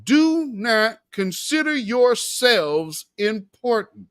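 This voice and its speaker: A male host giving a slangy, sarcastic political commentary monologue, emphatic and animated. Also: extremely high pitch, slow, clean tone, no room sound, clean studio sound.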